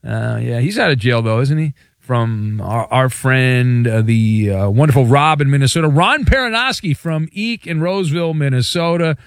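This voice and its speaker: A man's voice: mid-range voice, moderate pace, no echo, clean studio sound. A man hosting a casual sports talk radio show, reading listener answers and joking around. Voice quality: playful, loose delivery with shouted bits.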